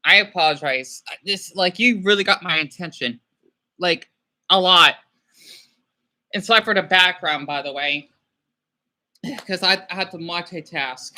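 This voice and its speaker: A man hosting a casual livestream, rambling and excitable, often apologizing as he talks. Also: high-pitched, measured pace, pauses often. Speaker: livestream host.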